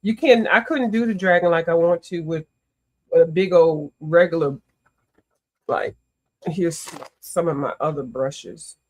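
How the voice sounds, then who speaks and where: A woman's voice: lowish voice, measured pace, slight background noise. Chatty woman hosting a coloring stream. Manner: chatty and animated, greets viewers, often exclaims. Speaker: coloring livestream host. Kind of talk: casual livestream chat.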